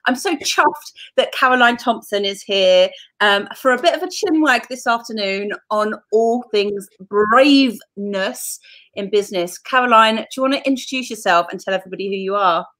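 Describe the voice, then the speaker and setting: A woman's voice: mid-range voice, moderate pace, a bit bright. A woman from southern England hosting a casual live-stream chat, chatty and enthusiastic with casual swearing. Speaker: host.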